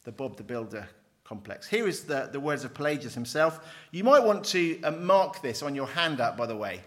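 A middle-aged man lecturing on theology from a handout, lively, with wry, self-deprecating asides. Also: medium pitch, moderate pace. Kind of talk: teaching with a handout.

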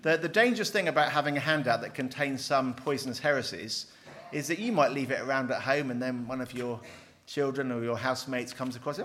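A middle-aged man lecturing on theology from a handout, lively, with wry, self-deprecating asides. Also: medium pitch, a little fast, a little hiss or hum. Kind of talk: teaching with a handout.

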